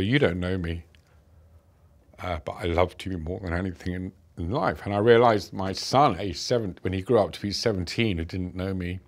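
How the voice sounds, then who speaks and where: Middle-aged british guy, lowish voice, telling his story slow and halting. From Britain. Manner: reflective, halting, many restarts. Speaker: interview guest. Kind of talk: personal storytelling in an interview.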